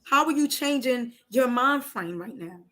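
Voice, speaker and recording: A woman's voice: fairly high pitch, lively intonation, unhurried, fairly bright tone, poor audio. A woman hosting a casual live stream, talking emotionally and candidly and swearing freely.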